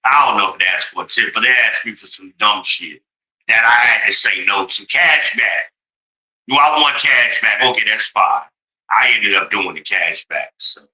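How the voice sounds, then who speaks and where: A man's voice: on the low side, normal speed, bright, forceful tone, rough recording. A man venting to his viewers in a heated story, exasperated and swearing freely, with sudden mocking outbursts.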